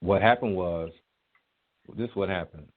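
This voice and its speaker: A man's voice: low voice, normal speed. Man telling stories over a tinny phone line. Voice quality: profane, animated, acts out quotes. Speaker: guest, music promoter. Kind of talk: casual storytelling interview.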